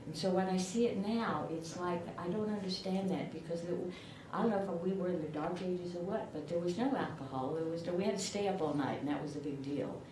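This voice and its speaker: An older woman with a rural southern Illinois accent gives a chatty, self-deprecating speech, her voice sitting a little low. She is picked up from a distance in an echoey room. Steady background noise runs under her. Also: brisk, hardly any pauses. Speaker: award recipient. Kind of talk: acceptance speech.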